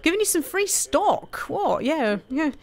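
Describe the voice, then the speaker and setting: A woman's voice: high voice, sing-song, unhurried. A woman commenting casually as she plays a video game, chatty and often laughing, teasing the characters on screen. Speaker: gaming streamer. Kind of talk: casual let's-play commentary.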